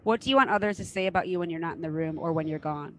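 A woman's voice: lowish voice, very fast, a little hiss or hum, low-quality recording. A middle-aged woman hosting a casual interview podcast, frank and enthusiastic and swearing now and then. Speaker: podcast host.

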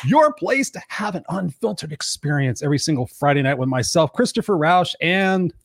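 A man in his thirties hosts a casual talk show with bouncy, playful energy, often repeating words for emphasis. His voice sits a little high and sounds dry and close to the mic. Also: animated, normal speed, vocal fry, dry recording. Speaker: co-host. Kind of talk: casual podcast chat.

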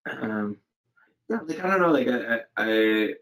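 A man's voice: mid-range voice, expressive, unhurried, a bit bright, rough recording. A man, an actor being interviewed, talking in a reflective, hesitant way with many fillers and restarts. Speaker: actor guest. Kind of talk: casual interview conversation.

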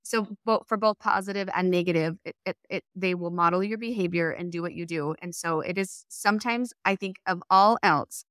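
A woman hosting a casual interview, chatty and animated, telling stories about her own life. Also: fairly low pitch, moderate pace, hardly any pauses, no room sound, clean studio sound. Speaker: podcast host.

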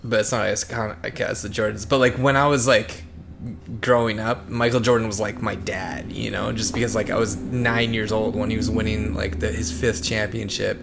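A man's voice: on the low side, little pitch movement, normal speed, gravelly, music in the background. A man in his thirties co-hosting a podcast, rambling in casual chat with dry joking asides. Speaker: podcast co-host.

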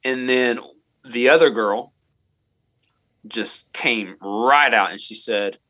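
Earnest bright-voiced man telling a story. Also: mid-range voice, dry recording. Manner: earnest, halting, many restarts and fillers. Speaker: middle school math teacher, interview guest. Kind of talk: storytelling in a podcast interview.

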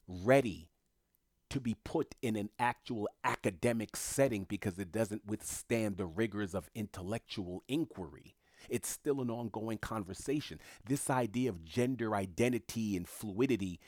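A man's voice: fairly low pitch, expressive, normal speed, no room sound, studio quality. A man giving an opinion monologue, lecturing, firing off rhetorical questions and answering them himself with emphatic repetition. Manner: emphatic repetition, punchy short phrases. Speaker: commentator.

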